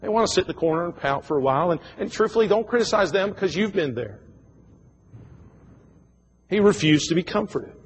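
A man's voice: high voice, animated, fairly quick, pauses often, slightly rough. A man in his forties preaching a sermon in a church, folksy and joking, with frequent stammered repeats. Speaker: pastor. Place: church sanctuary.

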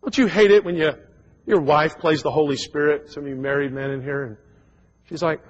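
A man's voice: fairly high pitch, fairly even intonation, fairly quick, highs cut off. A man in his forties preaching a sermon in a church, folksy and joking, with frequent stammered repeats. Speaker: pastor. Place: church sanctuary.

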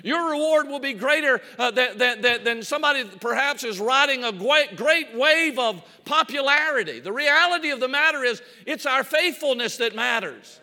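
A man's voice: very high-pitched, lively intonation, normal speed, few pauses, pushed and bright. A man preaching a sermon in a church. He acts out scripture scenes in quoted voices and repeats words to build emphasis. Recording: long hall reverb.

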